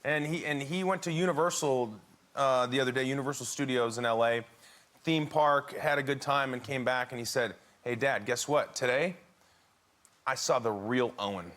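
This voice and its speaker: A man's voice: medium pitch, moderate pace. A man as a chat show guest, telling a family anecdote with lots of laughter. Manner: laughing storyteller, animated. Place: TV studio with audience. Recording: studio audience laughter and noise.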